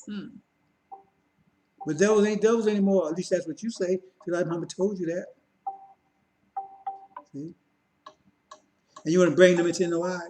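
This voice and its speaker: A man's voice: high voice, fairly even intonation, moderate pace, pauses often, dark tone, a little hiss or hum, poor audio. A man giving a mocking, emphatic religious critique monologue. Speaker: religious commentator.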